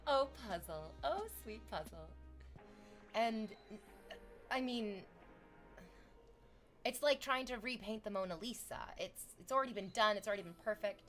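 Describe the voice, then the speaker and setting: A young adult woman livestreaming casual chat, swearing freely and breaking into excited shrieks and laughter as she reacts to viewers. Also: fairly high pitch, moderate pace, pauses often, soft background music.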